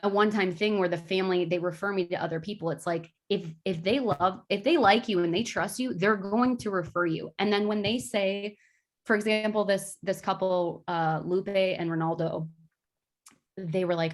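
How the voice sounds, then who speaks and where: A young woman who works as an insurance agent, talking in an excited, effusive way in an interview. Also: medium pitch. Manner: bubbly, effusive, quick bursts.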